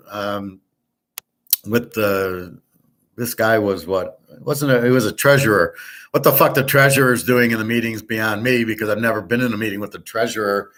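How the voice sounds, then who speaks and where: A man's voice: fairly low pitch, fairly bright tone. A middle-aged man from the United States, hosting a betting show and telling a rambling story in a blunt, profane, indignant way. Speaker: sports betting show host.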